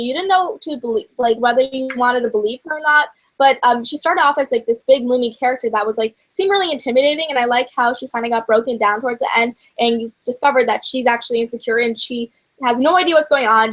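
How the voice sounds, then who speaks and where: A woman's voice: a little high, a bit bright. A young woman hosting a casual live book chat. She rambles along and fills her talk with filler words. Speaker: host of a book channel.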